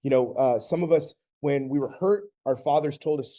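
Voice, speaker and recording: Addressing the camera directly, this men's divorce coach from the American South speaks in a mellow, fairly high voice at a moderate pace. He's earnest and conversational, playing out little quoted back-and-forths, over slightly dull lo-fi audio.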